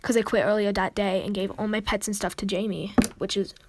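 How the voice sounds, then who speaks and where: A woman telling a story casually to camera, rambling and excitable, dropping into hushed asides and rising into indignant outbursts. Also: medium pitch, brisk, background noise. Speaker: storyteller recounting an online game incident.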